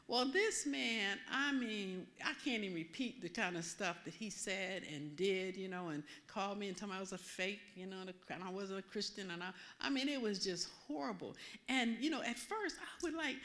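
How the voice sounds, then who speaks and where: A woman minister giving a sermon in an animated, conversational way, often asking her listeners questions. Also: medium pitch, moderate pace.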